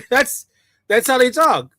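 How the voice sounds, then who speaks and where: High bright voiced guy mocking stuff on a reaction show, slow and loud, dry mic. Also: big pitch swings, slight background noise. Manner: loud, mocking, laughs and shouts, mimics others. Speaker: commentary show co-host.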